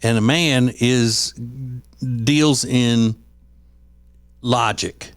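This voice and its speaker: A man's voice: mid-range voice, fairly even intonation, very slow, clear, resonant tone, no room sound. A man co-hosting a podcast in casual chat, rambling with frequent restarts and acting out quoted voices. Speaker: podcast co-host.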